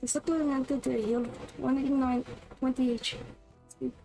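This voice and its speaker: A woman's voice: sits high, fairly even intonation, normal speed, gravelly, warm tone, faint music behind, low-quality recording. A woman streaming a game in casual commentary, reading the on-screen text aloud between chatty reactions.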